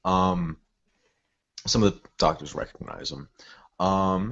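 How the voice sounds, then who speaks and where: A man's voice: sits low, takes it slowly, gravelly, pauses often, a bit bright, lo-fi sound. A man playing a tabletop game who describes the scene in a rambling way, full of fillers.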